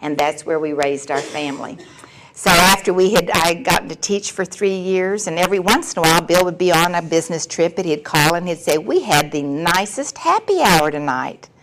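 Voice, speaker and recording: A woman's voice: fairly low pitch, fairly even intonation, brisk, a bit bright, a little hiss or hum, rough recording. A woman, giving a candid personal recovery share with a wry, storytelling manner. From Texas. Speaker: recovery meeting speaker.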